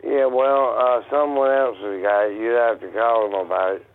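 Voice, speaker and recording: A confused man on a phone call who speaks in a slurred, halting way. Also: medium pitch, steady tone, clear, resonant tone. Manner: confused, slurred, ain't got no. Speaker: seller on prank call. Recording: tinny phone line with faint hiss.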